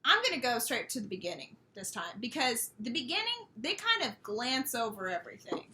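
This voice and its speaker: Young woman podcast co-host, bright and rather high, rambling casual talk, faint room hiss. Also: big pitch swings, brisk. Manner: rambling, with restarts. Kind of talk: casual chat.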